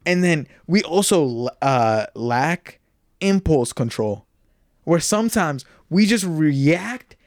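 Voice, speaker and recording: A young man hosting a casual podcast, loud by his own account, laughing and restarting often. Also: on the high side, animated, takes it slowly, no echo, clean studio sound. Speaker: podcast host. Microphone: podcast mic.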